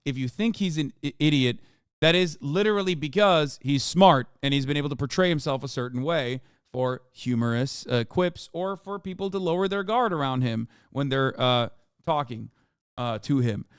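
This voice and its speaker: A man's voice: fairly high pitch, normal speed, clear, resonant tone, no room sound, clean studio sound. A man in his thirties streaming a casual reaction, exasperated and ranting, swearing often.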